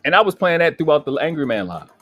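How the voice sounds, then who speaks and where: A man's voice: fairly high pitch, sing-song, fast, fairly bright tone. A man in his forties from Baltimore with a Baltimore accent, hosting a livestream in a profane, boastful, confrontational casual rant. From Baltimore, USA. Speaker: livestream host.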